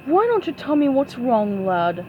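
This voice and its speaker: A woman reading a storybook aloud, voicing a loud, gruff crab who runs a restaurant. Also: high-pitched, sing-song, measured pace, lo-fi sound, a little hiss or hum. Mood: fatherly. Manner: loud, blustery exclamations. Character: gruff loud older crab boss, money-minded.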